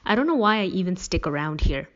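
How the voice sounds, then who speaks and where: A woman playing a sarcastic young adult sister, snappy and defensive, her protests climbing high. The recording is muffled and lo-fi. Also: lively intonation, quick pace, close to an everyday voice.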